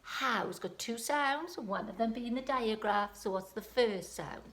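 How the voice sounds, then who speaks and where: A woman with a Welsh accent, a primary school teacher giving a home-learning phonics lesson, sounding out letters slowly and encouragingly. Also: fairly high pitch.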